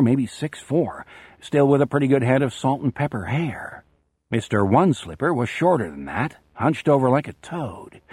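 A man narrating a novel as an audiobook, in a measured storytelling voice with salty phrasing. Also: medium pitch, a little mellow, husky, dry recording. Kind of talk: scripted narration.

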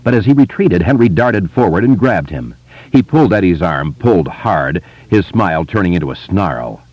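Low-voiced guy reading an audiobook, lots of pitch movement, dry sound. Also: moderate pace, breathy edge, no echo. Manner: expressive, dramatic. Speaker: narrator. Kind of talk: audiobook narration. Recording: slightly muffled dry studio.

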